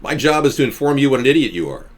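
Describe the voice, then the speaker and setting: Lively sarcastic man hosting a stream. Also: very fast. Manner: sarcastic, ranting, jokey; swoops between high and low voices. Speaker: live stream host. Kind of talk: live stream chat with viewers.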